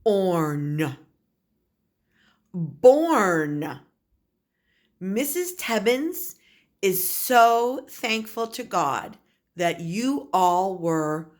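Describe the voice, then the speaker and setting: A woman kindergarten teacher gives a recorded phonics lesson, slowly sounding out letters and words for small children. Her voice is fairly low and sing-song.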